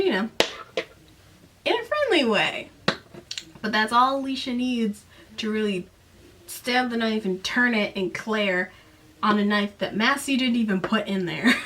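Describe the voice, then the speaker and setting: A woman's voice: fairly bright tone, far from the mic. Woman vlogger, sarcastic book recap, a little off-mic with faint hiss. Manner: chatty, sarcastic, acts out characters' lines with pitch jumps.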